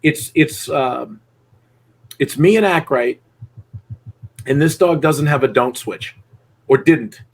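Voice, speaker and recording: Blunt husky-voiced middle-aged man. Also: a little high, slow, long pauses. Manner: blunt, profane, acts out dogs and people in voices. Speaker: dog trainer. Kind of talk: live coaching session.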